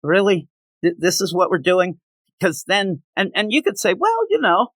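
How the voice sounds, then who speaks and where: A man's voice: high voice, normal speed, fairly bright tone, no echo. A man reviewing comic books in a casual spoken rant, sarcastic and exasperated.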